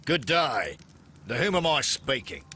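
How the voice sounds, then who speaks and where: A man's voice: mid-range voice, sing-song, unhurried, bright, forceful tone, a little hiss or hum. An actor with an Australian accent playing a brusque, haughty businessman and engineer in a video game. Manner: curt, impatient and haughty.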